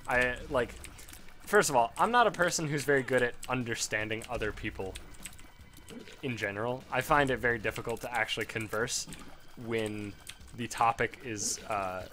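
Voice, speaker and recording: A man's voice: mid-range voice, moderate pace, sharp tone, a little hiss or hum. A young man with a Chicago accent rambling and swearing through casual gameplay commentary. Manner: rambling, profane, frequent fillers. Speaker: let's play host.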